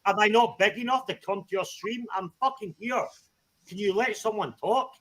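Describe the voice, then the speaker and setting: A man's voice: high voice, normal speed, crowd noise. An angry, exasperated man arguing on a livestream, swearing constantly. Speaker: livestream guest. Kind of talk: livestream argument.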